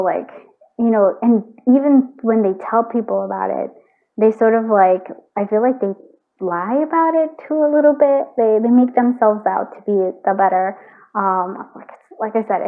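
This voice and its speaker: Woman, tarot reader, casual rambling chat, filler-heavy, mid pitch, tinny phone-like recording. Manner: rambling and chatty, full of "like" and frequent laughter. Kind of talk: casual pick-a-card tarot reading. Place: at home with her cats. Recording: thin, phone-like sound.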